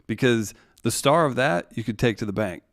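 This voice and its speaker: A man co-hosting a comedy talk show steers the conversation and gives cues to the others. His voice sits at an average pitch. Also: animated, moderate pace, dry recording, clean studio sound. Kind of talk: casual talk show chat.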